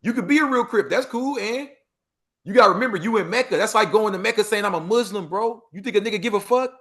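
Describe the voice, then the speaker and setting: A man from Los Angeles with a Los Angeles accent, a podcast guest talking in an animated way, acting out quoted street talk with heavy slang. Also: sits high, quick pace. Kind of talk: casual storytelling interview.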